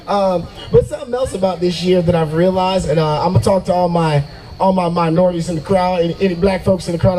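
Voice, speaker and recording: A man's voice: a little high, warm tone, low-quality recording. Profane, loose stand-up comic man. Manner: profane, loose and boastful, laughing at own jokes. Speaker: stand-up comedian. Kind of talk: stand-up comedy set. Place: open mic at a brewery, out of doors.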